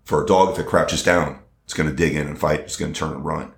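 A man with a very deep, low voice answers interview questions about training dogs, stopping and restarting often with frequent filler sounds. His voice carries a noticeable roomy echo, as if recorded in an open space. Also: fairly even intonation, quick pace, vocal fry. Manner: hesitant, many fillers and restarts. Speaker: dog trainer. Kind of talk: conversational interview.

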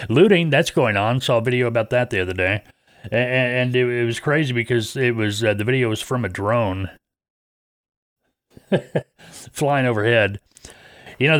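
Male podcast host, folksy rambling delivery, mid-pitched, dry close sound. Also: dry recording. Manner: rambling, folksy, many fillers and restarts. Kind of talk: casual podcast talk.

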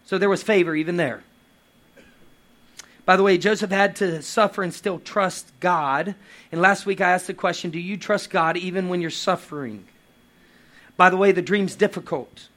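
A man preaching a lively sermon with playful asides and acted quotes. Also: high voice, moderate pace. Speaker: pastor.

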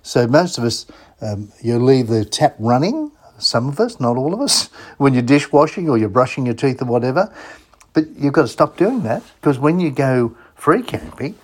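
A man with an Australian accent and a medium-pitched, slightly rough voice hosts a casual travel show as a radio host. He chats easily and spells out web addresses while plugging sponsors.

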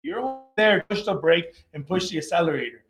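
A man's voice: sits high, expressive, quick pace, fairly bright tone. Blunt, profane man in a roomy space. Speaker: guest, company founder. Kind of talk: casual podcast conversation. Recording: roomy echo.

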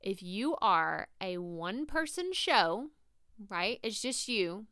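A woman's voice: medium pitch, big pitch swings, takes it slowly, fairly bright tone, clean tone, no room sound, clean studio sound. A woman with a Texas drawl hosting a solo podcast, giving chatty, direct tough-love advice to listeners she calls y'all. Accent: Texan Southern. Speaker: podcast host.

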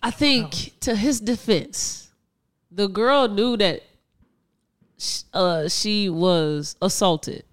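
A man hosting a podcast discussion, calmly recapping and summarizing what was said. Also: high voice, drawn-out words. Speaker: podcast host.

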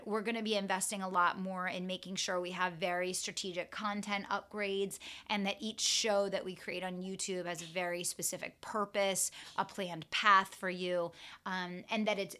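A woman speaks alone as the host of her business podcast, at a middle pitch for a woman. She talks earnestly, piling up lists and saying the same point again in new words. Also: sharp tone. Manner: earnest, speaks in repeated lists and restated phrases. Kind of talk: solo podcast monologue.

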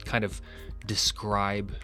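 A man's voice: lowish voice, monotone, slow pace, sharp tone, soft background music. A man hosting an educational podcast, talking in an enthusiastic, chatty way and often stopping to correct himself. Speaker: podcast host. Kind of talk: casual educational narration.

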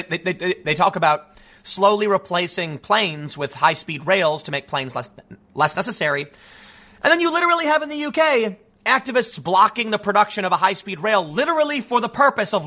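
A man's voice: high voice, big pitch swings, brisk, sharp tone. A man giving combative political commentary, talking emphatically with casual asides. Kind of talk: ranting commentary.

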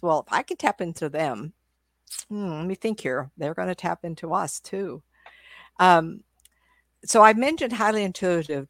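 An older woman telling stories as a psychic medium guest on a video call, animated and chatty, often laughing and restarting her sentences. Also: low voice, dry recording, clean studio sound. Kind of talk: casual interview storytelling.

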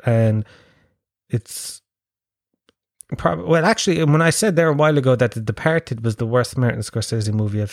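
A man's voice: medium pitch, a little mellow, dry recording, clean studio sound. A man chatting casually as a podcast host, rambling, swearing and poking fun at himself. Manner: sweary, rambling, self-mocking. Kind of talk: casual chat.

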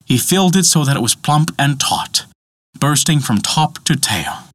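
A male storyteller reading a myth with dramatic expression, his voice rising and falling in lively arcs. The recording is close and dry, with no room echo. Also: on the high side, unhurried, breathy edge. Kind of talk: storybook narration.

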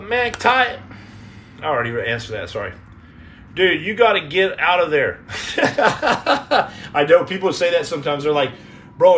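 A man's voice: on the high side, fairly bright tone, a little hiss or hum. A man hosting a podcast live stream, casually chatting and joking sarcastically with viewers in the comments. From United States. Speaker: podcast host.

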